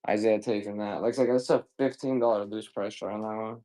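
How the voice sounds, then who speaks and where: On a live stream selling video games, a man with a lowish, warm, steady voice chats casually. He swears freely and greets viewers rapid-fire, one after another.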